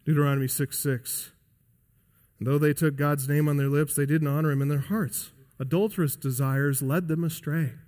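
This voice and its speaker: Emphatic preaching man, high-pitched. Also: in a large hall. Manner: emphatic preaching with wide swings in pitch and loudness. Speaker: pastor. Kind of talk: sermon. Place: church sanctuary.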